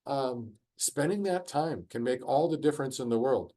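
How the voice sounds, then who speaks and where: A man's voice: medium pitch, lively intonation, moderate pace, warm tone. A man facilitating an online workshop discussion over a video call, conversational, with frequent ums and uhs. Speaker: course facilitator.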